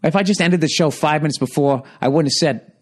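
A man's voice: a little high, fast. A man hosting a solo podcast, rambling and swearing heavily as he tells a heated story in a casual rant. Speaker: podcast host.

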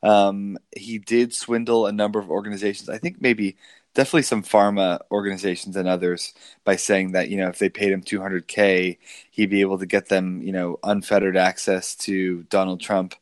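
Low-voiced man mocking politicians. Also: level tone, moderate pace, no echo, clean studio sound. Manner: mocking, rambling with many fillers. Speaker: podcast co-host. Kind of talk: casual political banter.

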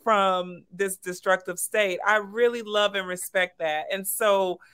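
A woman hosting a talk show, her voice bright and mid-pitched. She responds emphatically and with warmth, drawing on faith as she reflects. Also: fairly even intonation, measured pace, clean tone. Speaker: host. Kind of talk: podcast conversation.

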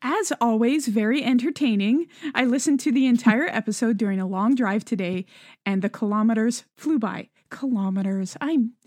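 A woman with a fairly high voice reads listener emails on a podcast and chats about them. She sounds earnest and laughs easily. The recording is dry and close. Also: moderate pace, a little mellow, no room sound. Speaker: podcast co-host. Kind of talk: casual podcast chat, reading listener emails.

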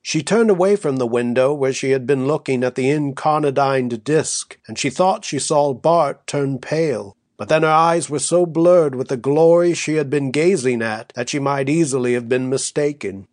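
A man reading an old-fashioned story aloud as an audiobook narrator, in a measured, even way. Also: medium pitch, dry recording, clean studio sound.

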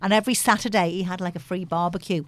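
A woman's voice: on the low side, steady tone, fast, dry recording. A woman in her sixties with a Liverpool accent, chatting casually and rambling through a story. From England. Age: 60s. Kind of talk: casual chat.

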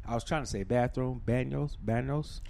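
A man telling a profane, ranting story, swinging from shouting to low muttering. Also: moderate pace, vocal fry, a little hiss or hum.

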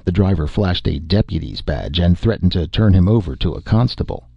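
A man narrating an audiobook in a steady, measured way, on a dull, dry recording. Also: sits low, gravelly, slightly rough, no echo.

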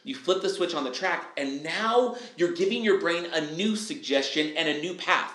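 A man talking on a podcast, lively and casual, who acts out little quoted lines in other voices. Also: a little high, normal speed, echoey room. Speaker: guest speaker. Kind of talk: energetic podcast interview.

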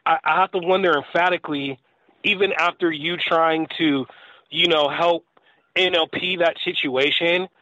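A man with a somewhat higher voice talks in halting bursts, restarting his sentences and dropping casual slang. The recording is dry and dull, with a lo-fi edge. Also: steady tone, bright, forceful tone, dry recording. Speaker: co-host. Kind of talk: loose live-stream talk.

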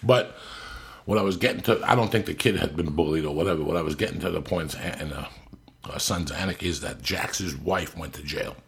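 A low, gravelly man spins a profane story in loose, blunt podcast talk. His voice is rough and raspy, sitting deep in his chest. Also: a little fast. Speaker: podcast host. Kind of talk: casual storytelling chat.

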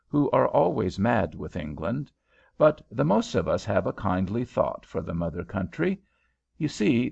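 A young American graduate voiced by a man who speaks slowly and deliberately. The reading is gravelly and lively in pitch. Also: no room sound, full character voice. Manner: slow, deliberate. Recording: dull lo-fi recording.

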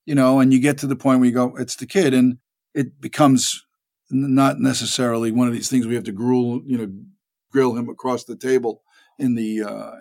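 A man telling rambling stories in a casual interview, acting out the people he quotes. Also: mid-range voice. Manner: rambling, animated, acts out quoted voices. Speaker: actor guest.

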